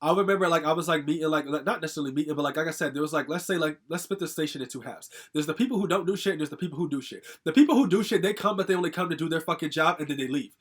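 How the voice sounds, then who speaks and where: A man's voice: on the high side, rapid-fire, hardly any pauses. A young man telling a personal story to camera in a casual, angry, profane rant full of fillers.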